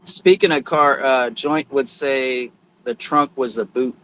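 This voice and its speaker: An easygoing man chats as co-host on a livestream, pausing often with hesitant fillers. His voice is mid-pitched, with faint noise behind it. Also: pushed and bright, poor audio. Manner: easygoing, hesitant with frequent uhs. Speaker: guest co-host. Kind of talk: casual livestream chat.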